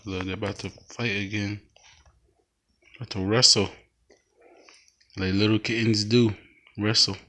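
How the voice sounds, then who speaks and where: A man's voice: fairly low pitch, flat delivery, unhurried, pauses often, sharp tone, slight background noise. A man at home filming his kittens on a phone, chatting playfully and cheering them on. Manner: playful, talks to and cheers on the pets. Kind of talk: casual home video chat.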